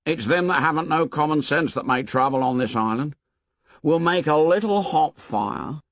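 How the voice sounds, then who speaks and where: A man voicing an anxious, fussy schoolboy who talks in rough grammar and is eager to please. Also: a little high, expressive, moderate pace, dry recording, pitched above the performer's own voice. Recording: dull, dry studio audio.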